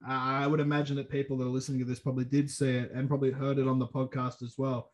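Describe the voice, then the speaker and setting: A man's voice: mid-range voice, level tone, rapid-fire. A young adult man hosting a casual podcast, swearing freely and joking at his own expense. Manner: profane, self-mocking, laid-back. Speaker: podcast host.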